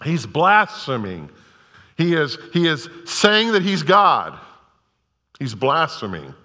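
A male pastor delivers his sermon with a bright, forceful voice that sits a bit high for a man. He retells scripture stories in a relaxed, conversational way. His voice rings out with the long reverb of a large church hall. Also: takes it slowly. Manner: conversational storytelling preaching.

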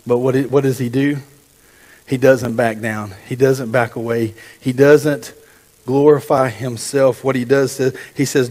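A man's voice: medium pitch, steady tone, moderate pace, darkish tone. A man preaching a sermon and reading scripture aloud, earnest, often restarting and correcting himself. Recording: echoey hall with long reverb.

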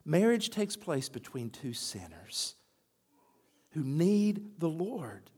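A man's voice: on the high side, takes it slowly, slightly rough, big-room sound. A man preaching a sermon, telling stories and acting out the voices of the people in them. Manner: animated storytelling, acts out quoted voices. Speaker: pastor.

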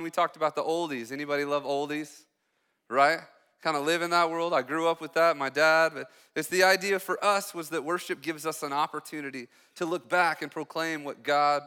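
A young man preaches as a student pastor in a church hall, his joking, chatty sermon full of quick asides to the room. His voice is a touch high, bright and crisp, carrying a long reverb from the hall.

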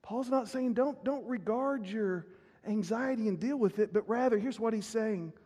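A man's voice: sits high, moderate pace, dark tone. A male pastor preaching a sermon earnestly, often repeating words as he builds a point. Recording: reverberant hall.

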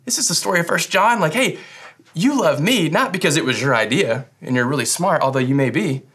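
A man's voice: on the high side, animated, quick pace, sharp tone, husky. A young man preaching a sermon in a casual, joking way, often restarting his phrases. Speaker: pastor.

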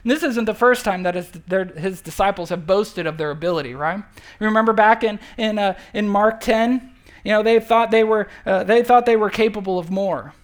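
Woman pastor, plain mid-pitched voice, easy sermon delivery that restates its points and keeps asking the congregation "right?". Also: normal speed. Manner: conversational, repeats key phrases, checks in with listeners. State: emotional when recalling loss.

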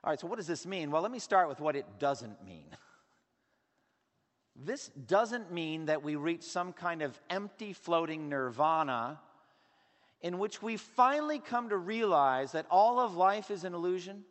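Male pastor, slightly high voice, emphatic sermon delivery, heard in a reverberant sanctuary. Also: expressive, unhurried. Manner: earnest, emphatic preaching with a wide range of loudness. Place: church sanctuary. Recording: long hall reverb.

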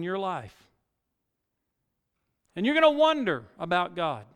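A man's voice: high voice, huge pitch swings, slow pace, long pauses, fairly bright tone, clear, resonant tone. A male pastor preaching a sermon, reading scripture dramatically and building to emphatic peaks. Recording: long reverb of a large hall.

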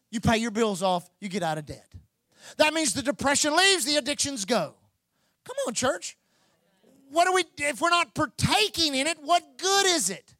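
A man preaching a sermon as pastor, building to loud, repeated calls to his church. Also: very high voice, dry recording. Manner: preaching with rising, shouted repetition.

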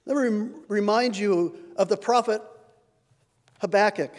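A man's voice: sits high, measured pace, a little mellow, in a large hall. A man preaching a sermon, earnest, lifting his voice when he reads scripture aloud.

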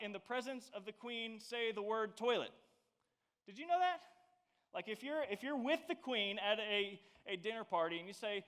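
A high-pitched male youth preacher tells stories in an animated, playful way. He exaggerates for effect and keeps the tone loose and casual.

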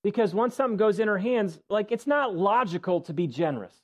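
Male pastor with a fairly high voice, preaching conversationally in a church, stressing key words. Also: expressive, fairly quick. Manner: conversational, emphatic, drops low for stress. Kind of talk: sermon. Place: church sanctuary.

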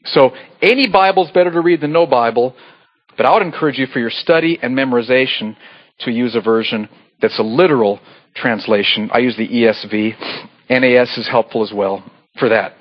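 A man preaching a sermon as pastor, earnest and pleading, with sudden animated bursts. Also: medium pitch, fairly quick, dull audio. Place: church sanctuary.

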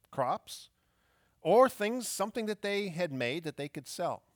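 A man's voice: a little high, fairly bright tone, dry recording, clean studio sound. A man preaching a sermon as pastor, emphatic and fond of rhetorical questions.

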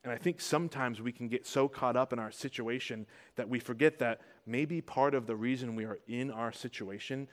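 A male pastor preaching a casual, conversational sermon, asking rhetorical questions and getting louder to stress his points. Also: medium pitch, moderate pace, hardly any pauses. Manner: rises in volume when stressing points.

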